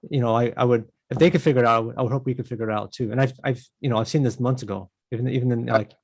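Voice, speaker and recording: A man's voice: medium pitch, steady tone, very fast. Male council member, casual meeting talk, lots of restarts and filler. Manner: rambling, many restarts and "you know".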